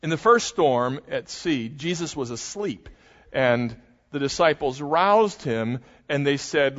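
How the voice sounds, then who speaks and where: An older man preaching a sermon and retelling a story with animated, dramatic storytelling. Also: fairly high pitch, unhurried. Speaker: pastor. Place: church sanctuary. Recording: muffled, long hall reverb.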